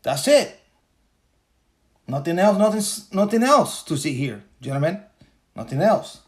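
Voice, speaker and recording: Slow, profane man ranting on a podcast. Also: sits high, sing-song. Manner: profane, repetitive, laughs while talking. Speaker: podcast host. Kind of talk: casual livestream rant.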